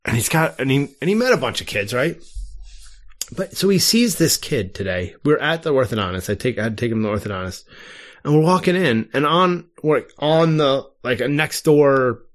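A middle-aged man in casual conversation who rambles through stories and acts out what everyone said. His voice sits at a plain middle pitch. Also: normal speed. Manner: rambling, animated storytelling with quoted dialogue. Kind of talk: casual chat.

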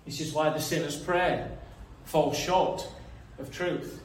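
A man's voice: a little high, fairly even intonation, slow, slight background noise. A man preaching a sermon in an earnest, reasoning way, often repeating words as he thinks. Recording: echoey room, mic some distance away.

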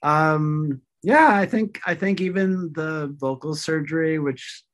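A woman with a deep, feminine voice, a podcast guest talking frankly in casual chat. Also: slow. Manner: candid, frank, swears casually.

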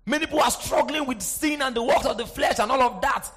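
A man preaching a sermon, swinging from shouted emphasis to quiet asides and often asking the congregation if they are with him. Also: very high voice, fast, a little hiss or hum. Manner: asks the congregation for response, sing-song emphasis.

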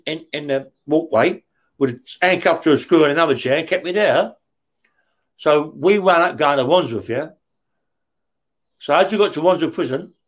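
A middle-aged man telling stories in an interview, swearing constantly, laughing as he goes and checking in with "yeah?". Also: on the high side. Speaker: interview guest, former career criminal. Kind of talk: storytelling in an interview.

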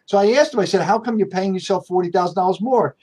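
This guest, a U.S. accountant and firm owner, answers interview questions with stories, frequently restarting and voicing the dialogue he quotes. He talks fast in a high, slightly mellow voice with a breathy edge.

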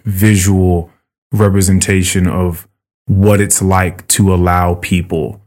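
A man hosting a casual podcast chat, retelling a book with lots of swearing and jumping into high voices for quoted characters. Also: flat delivery, takes it slowly, darkish tone. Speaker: podcast host.

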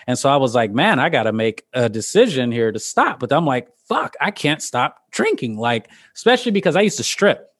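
A young man hosting a podcast, telling stories in a casual chat, animated and laughing as he acts out quotes. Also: mid-range voice, brisk. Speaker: podcast host.

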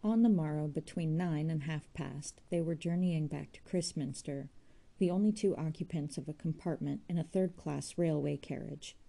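A woman narrating a novel chapter in a measured, even reading. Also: low voice, vocal fry. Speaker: audiobook narrator. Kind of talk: scripted narration.

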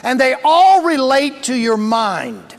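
High-voiced man preaching in a reverberant hall. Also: very animated, takes it slowly. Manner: preachy call-and-response, emphatic and plain-spoken. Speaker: pastor. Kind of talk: sermon. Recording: long reverb of a large hall.

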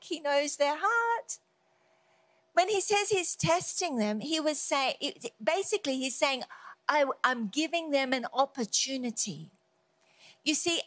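A woman preaching a devotional Bible message with a high voice and an unhurried delivery. She speaks earnestly and leans on repeated words for emphasis. The recording is dry and close. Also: animated, fairly bright tone, no room sound.

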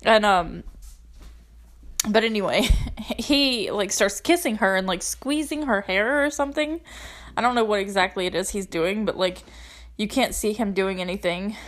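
A woman's voice: medium pitch, moderate pace. A young woman recapping a movie in a casual, chatty way, rambling with lots of fillers and frequent giggles. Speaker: movie reviewer.

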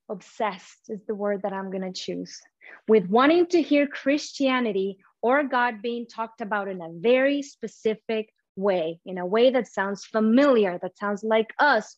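A woman whose first language is not English, preaching a heartfelt sermon with pauses and restarts. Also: on the high side, no room sound, lo-fi sound.

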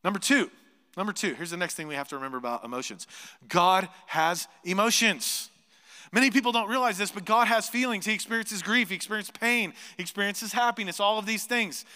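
A man preaching a sermon as pastor, animated, voicing imagined speakers and dropping to hushed asides. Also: high-pitched, brisk, in a large hall. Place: church sanctuary.

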